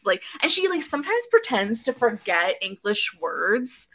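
Bright, chatty woman co-host. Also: a little high, moderate pace, hardly any pauses. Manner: chatty, animated storytelling with lots of "like". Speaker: podcast co-host recapping a show. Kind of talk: casual chat.

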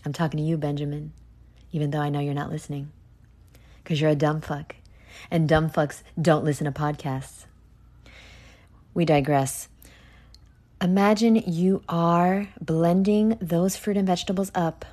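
A young woman hosting a solo podcast, ranting with heavy profanity and swinging between hushed asides and loud outbursts. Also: deep voice, steady tone, unhurried, long pauses. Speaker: podcast host.

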